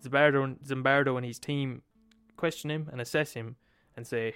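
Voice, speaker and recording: A man's voice: mid-range voice, fairly even intonation, moderate pace, a bit bright, clear, resonant tone, faint music behind. A young man retelling a story in a casual, profane way, acting out quotes as he goes. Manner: profane, swears freely, acts out quotes.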